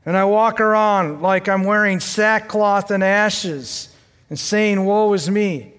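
An older man preaching to his congregation in a church hall, his voice sitting high for a man. He tells a family story slowly and conversationally. His voice carries a long, echoing reverb. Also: a bit bright, smooth. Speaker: pastor. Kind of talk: sermon with personal story.

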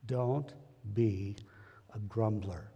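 Man, preacher, folksy sermon, husky gravelly voice, church reverb. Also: on the low side, very slow, mellow, lo-fi sound. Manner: folksy, plain-spoken, talks directly to the congregation. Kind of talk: conversational sermon. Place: church sanctuary.

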